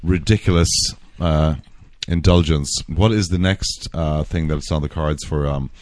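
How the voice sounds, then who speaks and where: A man hosting an interview, asking wry, halting questions full of fillers. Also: extremely low pitch, fairly even intonation, a little mellow, no room sound. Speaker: host. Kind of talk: casual interview chat.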